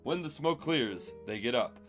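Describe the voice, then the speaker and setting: A man's voice: mid-range voice, lively intonation, unhurried, a bit bright, faint music behind. A man streamer giving a comedic dramatic reading of fanfiction with laughing asides.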